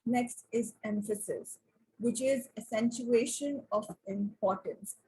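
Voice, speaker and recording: Woman, online class teacher, very breathy voice, somewhat high, quizzes the class, lots of fillers. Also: slow pace, warm tone, rough recording. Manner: questions the class often, many fillers.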